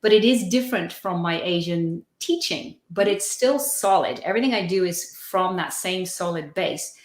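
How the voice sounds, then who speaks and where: A woman's voice: on the low side, normal speed, roomy sound. A woman guest on a live-stream video call, telling personal anecdotes in a chatty, storytelling way. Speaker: guest feng shui consultant.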